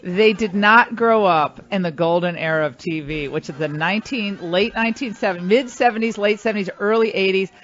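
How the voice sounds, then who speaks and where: A woman hosting a radio talk show, bantering in a chatty, animated way and jumping between asides. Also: medium pitch, brisk, few pauses. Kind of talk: casual on-air banter. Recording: slightly muffled radio audio.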